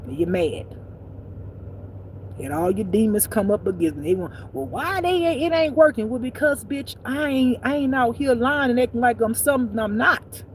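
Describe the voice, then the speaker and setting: A woman giving a profane spiritual rant as a life teacher, blunt and preachy, swinging between loud outbursts and low muttering. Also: moderate pace, a little hiss or hum, rough recording. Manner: blunt and preachy, swearing freely.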